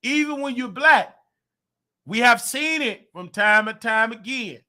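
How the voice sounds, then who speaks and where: Lively American man hosting a livestream. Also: very high voice, measured pace. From United States. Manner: animated, frequent throat-clearing, chatty asides to viewers. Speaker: show host. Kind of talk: livestream commentary talking to the chat.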